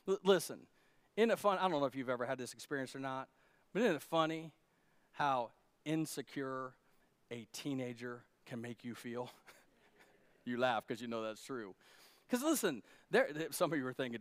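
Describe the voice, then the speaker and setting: A male pastor preaching a sermon, animated and humorous, jumping between loud emphasis and quiet asides to his congregation. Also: mid-range voice, normal speed, pauses often, no room sound. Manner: humorous, talks directly to the congregation.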